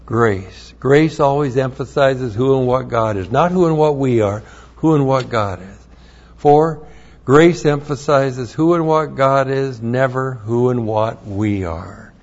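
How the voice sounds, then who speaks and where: A man's voice: medium pitch, a little slow, a little mellow, dull audio. A man teaching a sermon, studying Hebrew words, who repeats key phrases and spells out letters with emphasis. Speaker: Bible teacher.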